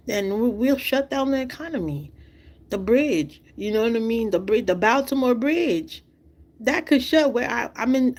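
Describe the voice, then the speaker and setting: A woman on a livestream, speaking in an impassioned, repetitive way and asking many rhetorical questions while fighting back tears. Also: on the high side. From outside the United States. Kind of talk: emotional livestream monologue.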